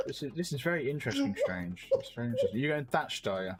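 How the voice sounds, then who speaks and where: A man's voice: mid-range voice, huge pitch swings, fast, loud music behind the voice. A young man hosting a casual game-development stream, chatty and teasing, often breaking into laughter. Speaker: streamer host.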